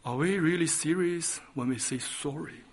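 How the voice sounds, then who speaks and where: A man preaching a sermon with passion, swinging from loud emphatic peaks to hushed, quiet lines. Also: on the high side, normal speed, breathy edge.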